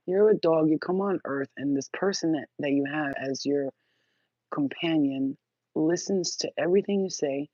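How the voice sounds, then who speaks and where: A woman's voice: sits low, warm tone, no room sound, lo-fi sound. A woman vlogger rambling bluntly to the camera, crude and laughing often. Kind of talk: casual rambling monologue.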